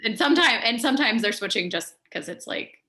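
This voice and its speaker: Bright-voiced female study abroad adviser. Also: on the high side, lively intonation, brisk. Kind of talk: advising on a panel.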